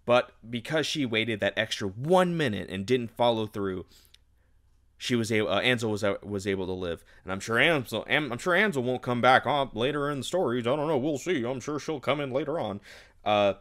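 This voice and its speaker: A man's voice: mid-range voice, a little fast, a bit bright. A man giving a casual book review, rambling and sarcastic, exasperated by what he has read.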